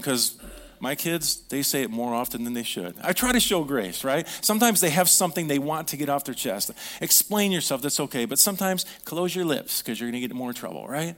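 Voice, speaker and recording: A man preaching a sermon as a pastor. He tells stories in a conversational way, asks the audience questions and drops to a hushed tone on key points. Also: fairly high pitch.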